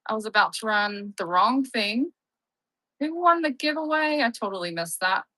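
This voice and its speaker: A woman's voice: a little high, animated, moderate pace, bright, forceful tone, no room sound, rough recording. A young woman hosting a live-selling stream, chatting casually, upbeat and often laughing at herself. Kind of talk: casual live-sale chat.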